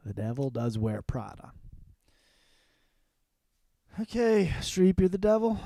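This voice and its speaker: A man's voice: fairly high pitch, very animated, measured pace, gravelly, pauses often, mellow, no echo. Profane rambling male comedy host. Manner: profane, rambling, mimics movie lines. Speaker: podcast host. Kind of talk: casual comedic monologue.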